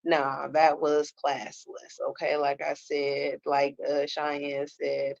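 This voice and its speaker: A woman's voice: low-pitched, completely flat delivery, slow, vocal fry, darkish tone, highs cut off. A woman giving a blunt, sassy commentary on a reality show, keeps tagging her points with "okay?". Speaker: reality TV reviewer. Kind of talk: casual commentary.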